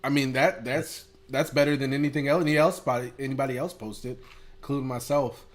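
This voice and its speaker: A man co-hosting a casual fishing podcast chat, excitable, laughing often and swearing casually. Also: medium pitch, brisk. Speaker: podcast co-host.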